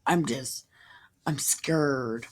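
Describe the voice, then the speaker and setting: Brief: a woman doing a guilty, hesitant apostle, slow and rambling, making lame excuses. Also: rumbling low, voice pushed down, heavily acted. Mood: sheepish.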